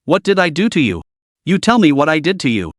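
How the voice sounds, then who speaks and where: A man voicing a hot-tempered young man who bluntly scolds his friend, his delivery lively and bright. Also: a little high, fairly quick, no room sound, studio quality. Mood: angry. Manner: angry, blunt and demanding.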